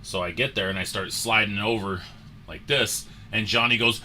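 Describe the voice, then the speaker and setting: A man hosting a sports card show, telling a story in a casual, animated way and acting out the moments. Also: fairly low pitch, moderate pace.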